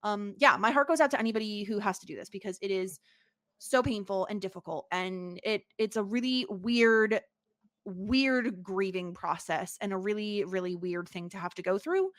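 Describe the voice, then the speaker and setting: A woman co-hosting a podcast, talking in a casual, halting way with lots of fillers. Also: medium pitch, no room sound, studio quality. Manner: halting, filler-heavy, earnest. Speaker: podcast co-host. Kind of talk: casual chat.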